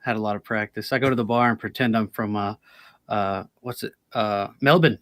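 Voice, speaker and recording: A man's voice: fairly low pitch, fairly even intonation, a little fast, fairly bright tone, no echo. A man guesting on a podcast, chatting casually with easygoing, self-mocking jokes. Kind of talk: casual chat.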